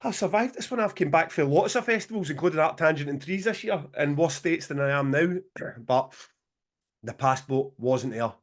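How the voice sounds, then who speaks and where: A man's voice: on the high side, normal speed. A man in his forties co-hosting a podcast, telling a long story in casual chat, swearing freely and laughing as he goes. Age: 40s. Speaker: podcast co-host.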